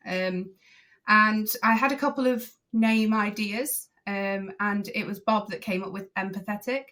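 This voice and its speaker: A woman's voice: medium pitch, steady tone, measured pace, a bit bright. Earnest, chatty woman guest. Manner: earnest, enthusiastic, many ums. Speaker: driving instructor and trainer, guest. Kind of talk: casual podcast conversation.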